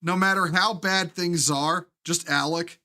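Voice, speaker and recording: A man's voice: on the high side, fairly even intonation, pushed and bright. A man hosting a live stream, ranting with heavy profanity and frequent restarts. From United States. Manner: profane, heated, halting restarts.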